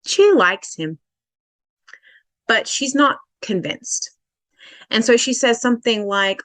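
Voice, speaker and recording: A woman's voice: a little high, lively intonation, fairly bright tone, no echo. Woman coach talking in a dry room. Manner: conversational, many fillers and restarts, slows down on key points. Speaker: relationship coach. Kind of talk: casual explanatory commentary.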